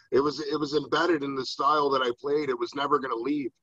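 A man who was once a hockey player, talking as a guest in a halting way that repeats words and ends with "right?". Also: medium pitch, level tone, pushed and bright, husky, no echo. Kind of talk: casual interview chat. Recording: dull lo-fi sound.

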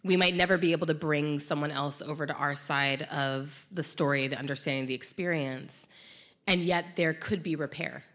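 A woman's voice: sits low, fairly even intonation, moderate pace, a bit bright. A woman speaking in a reflective conversation, thoughtful and often searching for the right words.

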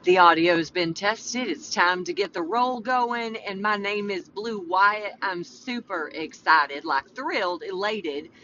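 A woman's voice: mid-range voice, slow, few pauses, sharp tone, a little hiss or hum. A woman hosting a faith podcast, chatting casually, playfully talking to herself and breaking into exclamatory preaching. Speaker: podcast host. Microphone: podcast mic. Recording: dull lo-fi audio with faint music.

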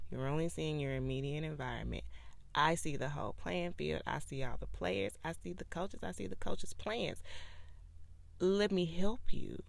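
A woman hosting a podcast, talking casually about parenting and faith in an animated, preachy way. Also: deep voice, creaky, no room sound. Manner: animated, preachy, acts out quoted voices. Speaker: podcast host.

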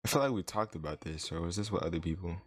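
Podcast co-host, male, very low voice, teasing, dry close sound. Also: fast talker, dry recording. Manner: joking, teasing, drawling. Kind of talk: casual chat.

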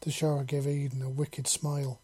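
A narrator reads fan fiction aloud in a husky, mellow voice. The reading is unpolished, with frequent slips and corrections along the way. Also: mid-range voice, level tone, normal speed.

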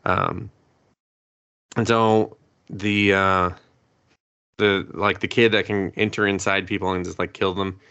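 A man's voice: deep voice, level tone, takes it slowly, gravelly, pauses often, bright, forceful tone, smooth. A man co-hosting a podcast, casually recapping a show in a loose, rambling way, full of fillers, swearing and laughing. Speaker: podcast co-host. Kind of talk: casual chat recapping anime. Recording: dull lo-fi podcast audio.

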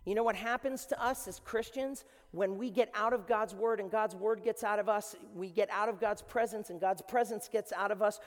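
Passionate high-voiced male preacher, building to shouts, long church reverb. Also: fairly even intonation, normal speed, hardly any pauses. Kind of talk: sermon.

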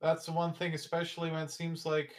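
Flat-toned man, encouraging. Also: fairly high pitch, fairly quick. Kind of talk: casual conversation.

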